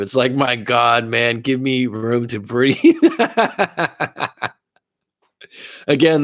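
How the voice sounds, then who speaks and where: During a livestream, a relationship coach chats casually, reads viewer comments and tells personal stories, laughing often. His voice is medium-pitched, and the sound is studio quality with no echo.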